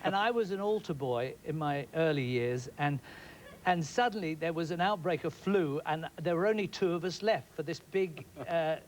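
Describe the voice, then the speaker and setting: A middle-aged man telling animated, laughing anecdotes as a guest in an interview. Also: a little high, normal speed, a little hiss or hum, poor audio. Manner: animated, laughing often, acts out scenes. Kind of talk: anecdotal storytelling.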